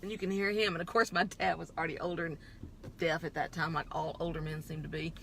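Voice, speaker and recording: A woman telling a dramatic personal story in a lively way while driving, laughing often and acting out the voices of other people. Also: sits low, quick pace, vocal fry, a little hiss or hum. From Texas. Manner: animated, laughs often, acts out voices in quotes. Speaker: vlogger. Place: in a car.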